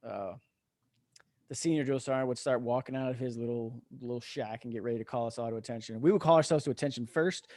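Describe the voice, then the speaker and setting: A man's voice: mid-range voice, darkish tone, dry recording, clean studio sound. A man on a remote call, telling stories in a laid-back, casual way, swearing freely and chuckling as he goes. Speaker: podcast guest, retired veteran. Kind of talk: casual storytelling.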